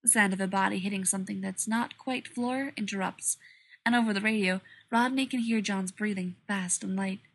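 A woman reading a story aloud in a steady, even narration. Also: mid-range voice, normal speed. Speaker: audiobook reader. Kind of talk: scripted narration.

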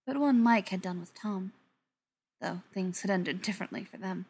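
A woman reads a novel aloud as an audiobook narrator. Her pitch sits in a comfortable middle range. She tells the story expressively, sometimes dropping to near-whispers. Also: moderate pace, darkish tone, husky. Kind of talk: scripted narration.

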